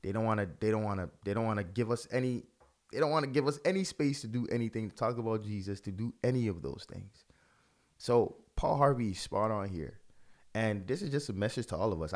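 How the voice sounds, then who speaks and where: Man, pastor, low voice, impassioned commentary, lots of restarts. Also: a little mellow. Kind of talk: religious video commentary.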